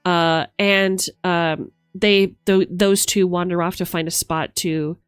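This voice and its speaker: A woman's voice: fairly low pitch, steady tone, slow pace, smooth, dry recording, studio quality, faint music behind. A woman running a tabletop game, narrating scenes in a chatty, descriptive way with many fillers. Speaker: game master.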